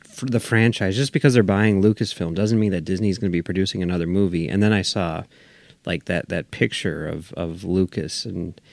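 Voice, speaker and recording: Lowish guy on a podcast acting out how he reacted, dry sound. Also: fairly quick, gravelly, dry recording. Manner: animated, acts out his own reactions. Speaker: podcast guest. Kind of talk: casual podcast chat.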